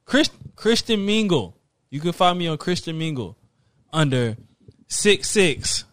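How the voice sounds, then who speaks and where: A man's voice: on the high side, very animated, measured pace, fairly bright tone, no room sound. A man co-hosting a podcast, joking and laughing through his lines. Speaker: podcast co-host. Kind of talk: joking casual podcast chat.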